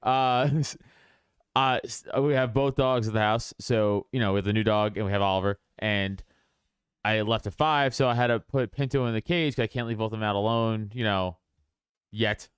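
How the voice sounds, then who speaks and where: A man's voice: on the low side, moderate pace, clear, resonant tone, no room sound, clean studio sound. A young man co-hosting a podcast, telling a story in casual chat, acting out quoted voices and laughing often. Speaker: podcast co-host.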